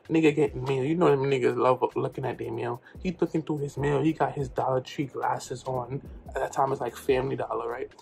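A young man from New York telling a comedic storytime in slangy, animated speech with loud outbursts. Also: medium pitch, gravelly, husky. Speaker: vlogger.

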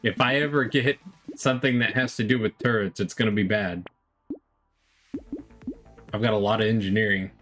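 A man's voice: fairly low pitch, steady tone, normal speed, long pauses, music in the background. A man chatting casually and joking with friends while playing a co-op game, laughing often. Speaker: co-op game player. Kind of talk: casual gameplay chat.

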